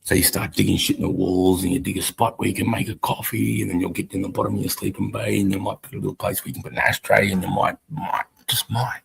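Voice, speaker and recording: A middle-aged Australian army veteran hosting a live stream, telling a war story in a blunt, profane, casual way. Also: male voice, low voice, creaky, a bit bright, slightly rough, rough recording.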